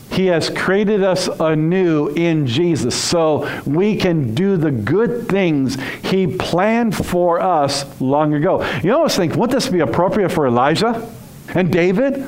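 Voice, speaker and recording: Male pastor, sermon storyteller, slightly higher pitch, acts out the lines. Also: low-quality recording. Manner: storytelling, acts out dialogue, drops to a whisper at times.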